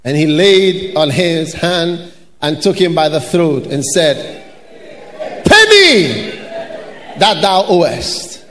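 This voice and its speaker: A pastor preaching a sermon to his church, shouting and chanting in a sing-song way, with laughs and mocking voices. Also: a little high, slow. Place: large church hall. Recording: hall reverb with faint noise.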